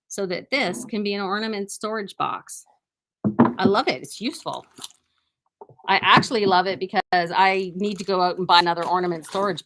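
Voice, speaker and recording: A woman's voice: on the low side, gravelly, fairly bright tone, a little hiss or hum. A woman hosting a quilt shop video, chatting casually and enthusiastically about products, often restarting her sentences. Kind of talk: casual live product showcase.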